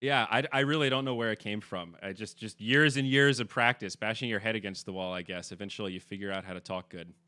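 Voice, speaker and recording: A man with a deep voice hosting a podcast interview, talking in a relaxed, rambling way. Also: fast, hardly any pauses, clear, resonant tone, dry recording. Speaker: podcast host. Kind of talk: casual interview chat.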